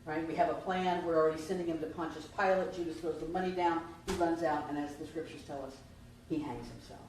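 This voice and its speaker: A woman's voice: low voice, steady tone, fairly quick, a little mellow. A woman minister, giving a conversational Easter sermon and asking the congregation questions, heard from a distant mic in a church. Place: church sanctuary. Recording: distant mic, very echoey hall, faint noise.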